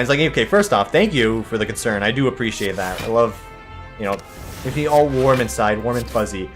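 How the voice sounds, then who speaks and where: A young man hosting a gaming video, chatting casually over gameplay and telling animated stories in which he mimics other people's exaggerated voices. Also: medium pitch, brisk, faint music behind. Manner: animated storytelling, voicing exaggerated quoted people.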